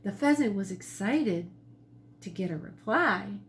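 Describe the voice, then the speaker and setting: A woman, a teacher, reading her own picture book to children from her home kitchen with gentle, expressive storytelling. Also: fairly high pitch, slow pace.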